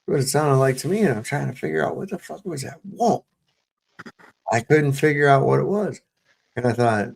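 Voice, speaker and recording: A man's voice: medium pitch, lively intonation, fairly quick, vocal fry, darkish tone, husky. A man hosting a live-stream panel, telling a rambling story full of swearing and restarts. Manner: profane, rambling, with many fillers and restarts.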